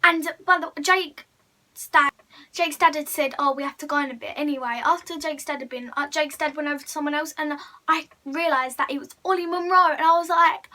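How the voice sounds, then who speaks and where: Gushing high bright-voiced teen girl. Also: normal speed, poor audio. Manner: gushing, breathless storytelling with many likes. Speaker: vlogger. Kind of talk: excited fan story vlog.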